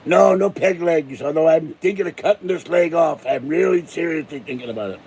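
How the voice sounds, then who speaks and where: A man's voice: a little high, moderate pace, vocal fry, darkish tone, a little hiss or hum. An older man from Pittsburgh, a channel host rambling through jokes and tall tales in a casual monologue. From Pittsburgh, USA. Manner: joking, chuckling, tall tales.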